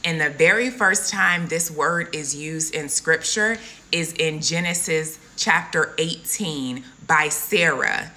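A Christian content creator with a lowish, bright, forceful voice shares an earnest but casual devotional testimony, calling her listeners "guys."

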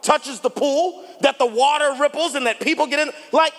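A male pastor preaching a sermon, chatty with the congregation and rising into shouted appeals. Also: extremely high pitch, moderate pace. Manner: animated preaching, building to shouts, banters with congregation. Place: church sanctuary. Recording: long reverb of a large church hall.

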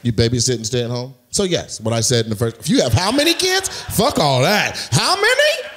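A man's voice: medium pitch, wildly swooping pitch, brisk, a bit bright. A man doing live stand-up crowd work in a comedy club, teasing audience members with brash, profane banter. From United States. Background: audience laughter.

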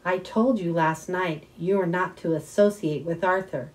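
A woman's voice: fairly low pitch, normal speed, close to an everyday voice, low-quality recording. A woman voicing an angry, strict mother who scolds her son in a cold, clipped way. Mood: stern, cold.

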